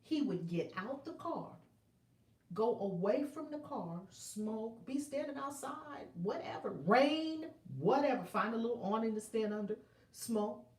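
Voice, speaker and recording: A woman life coach telling a personal story as advice, animated and playful, with affectionate asides to her viewers. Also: fairly high pitch, a little slow, echoey room, far from the mic.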